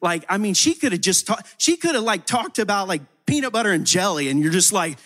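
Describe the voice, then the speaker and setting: Man, slightly high voice, sermon testimony, casual storyteller, lots of "like" fillers, restarts. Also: big pitch swings, brisk, few pauses, a bit bright. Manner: casual storytelling with frequent "like" fillers and repeated words. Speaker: ministry leader.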